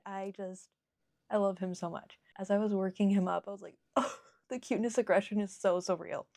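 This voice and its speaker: A woman's voice: mid-range voice, a little mellow, dry recording. Young woman, crochet vlogger, gushing, giggly, chatty, dry close sound. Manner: gushing, giggly, says "like" and "oh my gosh" often. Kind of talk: casual chat.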